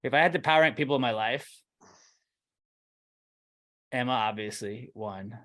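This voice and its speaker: A man's voice: medium pitch, normal speed, fairly bright tone. A man co-hosting a podcast in casual chat, ranting bluntly and profanely. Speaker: podcast co-host.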